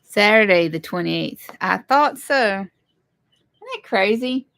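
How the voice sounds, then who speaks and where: A woman's voice: mid-range voice, expressive, measured pace, creaky, a bit bright, a little hiss or hum. Chatty woman hosting a livestream. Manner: chatty, greets viewers, apologizes for tech trouble. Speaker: livestream host, homesteader. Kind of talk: casual livestream chat. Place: home.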